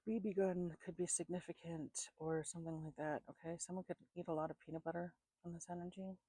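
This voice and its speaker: A woman doing an intuitive psychic reading at home, calmly listing names and places she picks up, thinking aloud and a bit sleepy. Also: on the low side, fast talker, slightly rough, no room sound, rough recording. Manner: calm, repetitive, thinking aloud. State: sleepy, yawning. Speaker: psychic reader.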